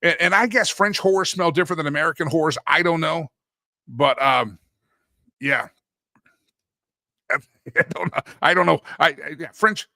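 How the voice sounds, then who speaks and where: A man's voice: on the high side, unhurried, creaky, long pauses, sharp tone, no echo. A middle-aged man from Texas hosting a talk show, rambling and joking in casual chat. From Deep East Texas. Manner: rambling, joking, self-interrupting.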